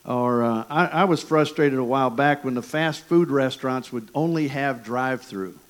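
Man, pastor, folksy sermon, lively anecdotes, talks to the congregation, mid-pitched voice. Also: normal speed. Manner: folksy, animated storytelling with audience asides. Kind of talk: storytelling sermon.

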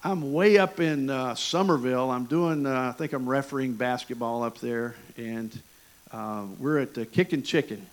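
A male pastor, preaching a sermon in a folksy, animated storytelling way and bringing the audience in with asides. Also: mid-range voice, normal speed.

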